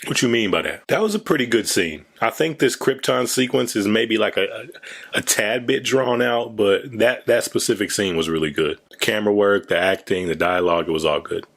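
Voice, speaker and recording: A man's voice: on the low side, moderate pace, fairly bright tone. A man hosting a movie reaction video, chatting casually with slang and frequent laughs. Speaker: host.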